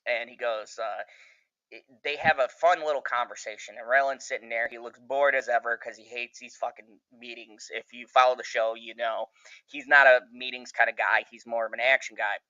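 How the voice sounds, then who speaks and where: A man's voice: medium pitch, fairly even intonation, normal speed, sharp tone, no echo, lo-fi sound. A man giving a casual, profane spoiler review of a TV show, laughing often as he talks.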